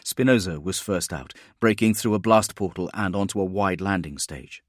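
Low-voiced man narrating an audiobook. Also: dry recording, studio quality. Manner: steady, measured storytelling. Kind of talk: scripted narration.

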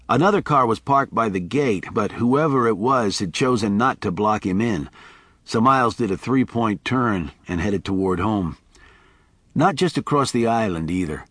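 A man narrating an audiobook in a measured, expressive reading. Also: on the low side, breathy edge, no room sound.

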